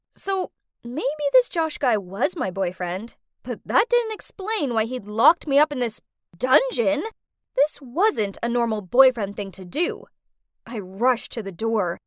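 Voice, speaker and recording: A young woman narrating a dramatic first-person story in an expressive way. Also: high-pitched, dry recording, clean studio sound.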